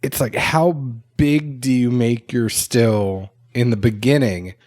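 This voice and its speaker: A man's voice: medium pitch, takes it slowly, darkish tone. Man hosting a casual chat. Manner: curious, joking questions. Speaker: podcast host.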